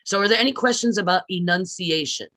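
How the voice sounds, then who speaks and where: A woman teaching public speaking in a recorded lecture, stressing words deliberately and often asking her listeners questions. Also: fairly low pitch, fairly bright tone, dry recording. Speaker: speech teacher.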